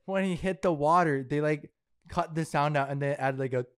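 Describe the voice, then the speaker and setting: Young male podcast co-host, slightly higher voice, teasing and jokey. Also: normal speed. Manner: joking, teasing, laughs often. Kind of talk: casual sibling chat.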